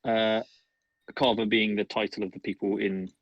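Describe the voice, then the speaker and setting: A man's voice: lowish voice, level tone, normal speed, dry recording, highs cut off. A man playing a tabletop game, talking casually and hesitantly with fillers. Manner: casual, hesitant, laughs often. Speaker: player. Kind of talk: tabletop role-play chat.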